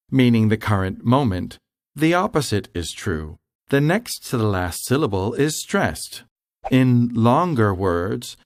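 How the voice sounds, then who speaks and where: A man giving scripted, measured explanations as a language instructor. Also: mid-range voice, dry recording, studio quality.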